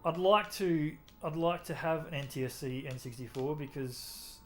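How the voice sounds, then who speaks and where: A young Australian man with an Australian accent, chatting casually with his stream chat while playing a racing game, relaxed and talkative. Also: on the high side, normal speed, a little hiss or hum.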